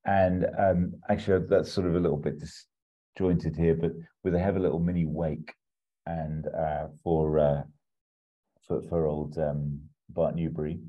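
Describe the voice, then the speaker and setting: A man's voice: rumbling low, flat delivery, a little slow. A man casually talking through an imagined film plot as a podcast host, rambling with lots of ums and asides. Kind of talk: casual chat. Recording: dull, muffled audio.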